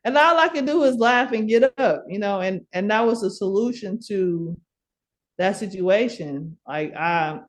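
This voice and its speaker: A woman's voice: medium pitch, measured pace. A middle-aged woman from Milwaukee tells her story as a podcast guest. Her talk is loose and casual, full of fillers and restarts, and she keeps breaking into laughter as she goes. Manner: animated, laughs often, many fillers and restarts.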